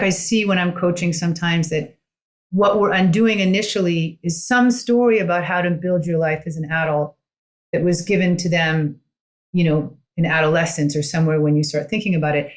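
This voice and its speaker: A woman guest on a podcast, a coach, telling her story in an earnest, reflective way with frequent "you know" asides. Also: fairly low pitch. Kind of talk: conversational storytelling.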